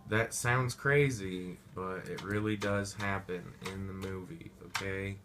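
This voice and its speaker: A man's voice: deep voice, steady tone, a little slow, a bit bright, faint music behind. A young man giving a rambling, profane casual movie review, full of slang and goofy asides.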